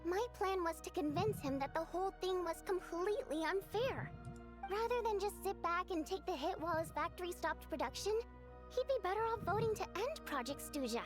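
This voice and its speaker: A woman's voice: extremely high pitch, lively intonation, brisk. A woman voicing an earnest young female ally in a game, confiding her plans in long explanations. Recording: game voice over clear music.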